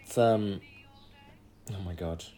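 A man's voice: sits low, takes it slowly, mellow, a little hiss or hum. A man co-hosting a podcast, chatting casually about a film in an easygoing way and laughing often. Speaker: podcast co-host.

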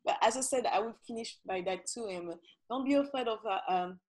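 A woman's voice: a little high, brisk, darkish tone. A woman with a French accent, a podcast guest speaking English as a second language, emphatic and full of hesitant fillers. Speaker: podcast guest, magazine founder. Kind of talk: interview answers.

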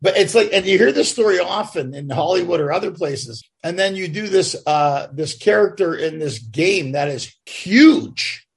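High, gravelly male interview host. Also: animated. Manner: rambling, halting, many restarts and fillers. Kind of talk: casual interview chat.

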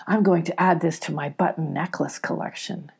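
A woman voicing a cheerful young girl character in a storybook reading, with a higher, eager voice. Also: steady tone, moderate pace, vocal fry, slightly rough, full character voice. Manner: bright, eager, exclaiming.

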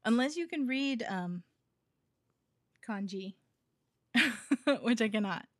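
A woman's voice: a little high, animated, slow pace, dry recording, studio quality. A woman from Hawaii co-hosting a podcast in a casual, giggly chat full of fillers. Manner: chatty, giggly, with many fillers. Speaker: podcast co-host.

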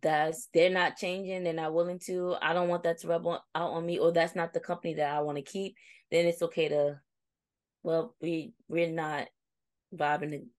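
Co-hosting a casual chat, a young adult woman shares a reflective story at a moderate pace in a low voice, with no room sound. When she quotes her friends' responses, she acts them out animatedly.

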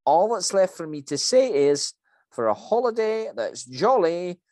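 Brief: a man playing a strict Scottish woman in charge of a resort, bossy and sing-song, pitched up high. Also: big pitch swings, measured pace, darkish tone, no room sound. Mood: stern. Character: strict middle-aged female resort manager.

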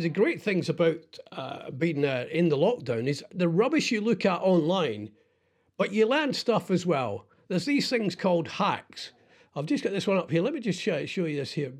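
A middle-aged man hosting a radio show, rambling in casual chat with lots of halting restarts and self-deprecating asides. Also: high-pitched, big pitch swings. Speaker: radio host.

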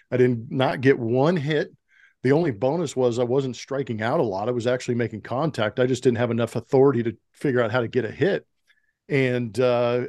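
Heard in studio quality without any room sound, this mid-range man is a middle-aged former pro ballplayer being interviewed on a podcast. He's a lively storyteller who takes on the voices of everyone in the conversations he retells.

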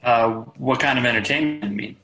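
Bright-voiced easygoing man player. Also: medium pitch, fairly even intonation, brisk, faint music behind, poor audio. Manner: easygoing, hesitant. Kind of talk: in-character tabletop role-play.

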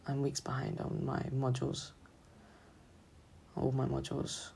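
A young woman student talking haltingly and hesitantly in a confessional vlog, sounding drained and low on energy. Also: completely flat delivery, vocal fry, dark tone, a little hiss or hum. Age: young adult. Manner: halting, hesitant, full of restarts. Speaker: student vlogger.

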